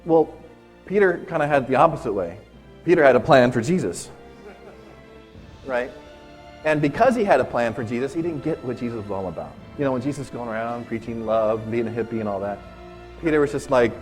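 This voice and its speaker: A man's voice: mid-range voice, expressive, fairly quick, darkish tone, faint music behind. A man preaching a casual, conversational sermon, retelling a story and often checking in with "right?". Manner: casual, chatty, keeps asking "right?".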